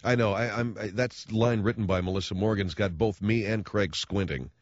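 A man's voice: on the low side, normal speed, dry recording, dull audio. A man hosting a talk radio show, ranting about politics in a sarcastic, mocking way.

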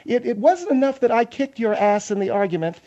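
A man's voice: very high-pitched, lively intonation, fairly quick, dark tone, dull audio, voice pushed up. Man putting on a snooty, haughty woman. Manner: haughty, lecturing, mocking. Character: snooty, condescending middle-aged woman co-host. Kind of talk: comedic radio talk bit.

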